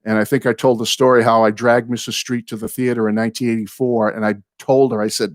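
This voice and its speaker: An older man hosting his own live chat, greeting viewers and rambling excitedly through fan stories and thank-yous. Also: medium pitch, fast, hardly any pauses, dry recording, clean studio sound. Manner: rambling, excitable, apologizes for going off on tangents. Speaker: host of a music fan channel.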